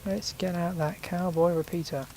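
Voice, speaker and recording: A man's voice: sits high, steady tone, moderate pace, darkish tone, a little hiss or hum, low-quality recording. A man giving casual let's play commentary, chatty and reacting aloud with sudden exclamations as he plays.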